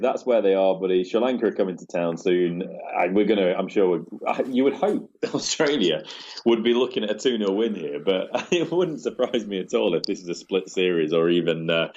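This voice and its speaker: A man hosting a casual cricket podcast, chatty and quick to laugh as he rolls through match scores. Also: deep voice, darkish tone, dull audio. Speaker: podcast host.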